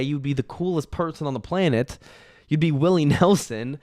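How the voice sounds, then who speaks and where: A young man doing a rambling comic monologue, deadpan and self-pitying, sometimes cracking up at himself. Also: a little high, moderate pace, dry recording, studio quality. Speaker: comedian.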